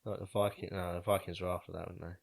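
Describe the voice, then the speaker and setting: Man, very low voice, casual co-host, musing. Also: little pitch movement, rapid-fire, vocal fry, crowd noise. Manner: musing, unsure, trails off. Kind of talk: casual chat.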